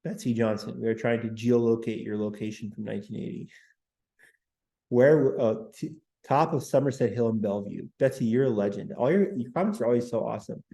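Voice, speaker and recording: A man's voice: mid-range voice, brisk, creaky, dark tone, reverberant. A man hosting a history livestream, chatting with viewers and repeating words as he talks. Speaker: host. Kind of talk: livestream history talk, reading chat.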